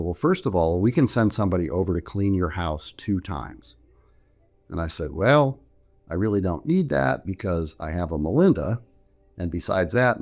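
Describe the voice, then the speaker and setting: A man's voice: sits low, darkish tone. An older man telling a personal story in a chatty, jokey way, with many restarts and "so anyway" asides. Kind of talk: casual storytelling to camera.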